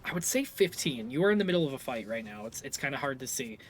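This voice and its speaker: A man's voice: medium pitch, very animated, fast, breathy edge. A man narrating as game master of a live tabletop game, loose and full of fillers.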